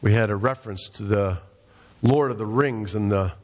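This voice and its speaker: A pastor preaching a sermon, emphatic and repetitive, calling out members of the congregation by name. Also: male voice, lowish voice, normal speed, a little mellow, long reverb tail, lo-fi sound. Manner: emphatic, repeats phrases, addresses congregation by name.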